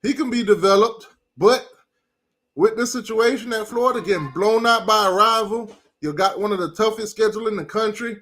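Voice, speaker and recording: A man with a high-pitched voice rants through a football recap. He is brash and taunting and repeats his digs again and again, in loose, heated sports commentary. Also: a little fast, fairly bright tone. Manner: brash trash-talking, repeats his jabs. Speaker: college football fan commentator.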